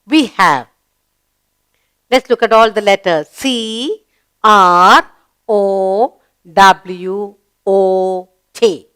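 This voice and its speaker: A woman's voice: medium pitch, drawn-out words, pauses often, fairly bright tone, smooth. A woman with an Indian English accent teaching a children's spelling lesson, spelling out words letter by letter and coaxing the kids with questions.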